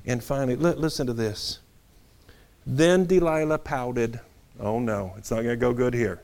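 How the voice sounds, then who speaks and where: A male pastor preaching a sermon in a conversational, animated storytelling way. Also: medium pitch, moderate pace.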